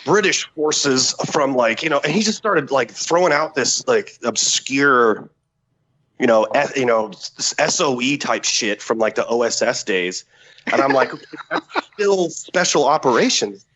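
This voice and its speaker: A man's voice: medium pitch, a little slow, poor audio. A man, a former special forces soldier and podcast guest, telling a story in casual, profane talk and acting out the quotes. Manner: profane, animated, acts out quotes.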